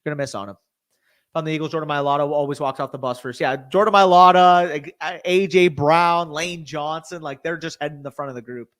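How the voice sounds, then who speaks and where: Young man, slightly high voice, live-stream host, casual commentary, excitable, swears often. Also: a little fast, hardly any pauses. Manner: excitable, swears freely, talks to chat. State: tired, hiccuping.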